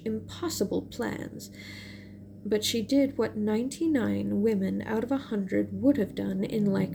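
A woman narrating a novel as an audiobook, in measured storytelling. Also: mid-range voice, vocal fry, warm tone, a little hiss or hum. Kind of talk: audiobook reading.

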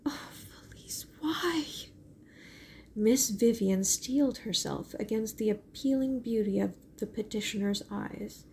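A woman narrating a novel as an audiobook, in measured storytelling. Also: mid-range voice, dark tone, slight background noise. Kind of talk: audiobook reading.

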